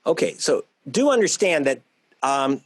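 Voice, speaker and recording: A man's voice: on the high side, sing-song, a little slow. A man, a journalist guest in a panel discussion, talking emphatically with frequent restarts. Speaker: author and investigative journalist guest.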